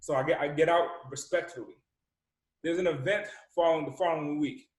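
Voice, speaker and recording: A fired-up male motivational speaker from Rhode Island tells a personal story, stumbling over repeated words and acting out both sides of conversations. His voice sits a little high for a man. The recording has a noticeable roomy echo. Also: a little fast. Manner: energetic, repeats words, acts out dialogue. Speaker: podcast guest, motivational speaker.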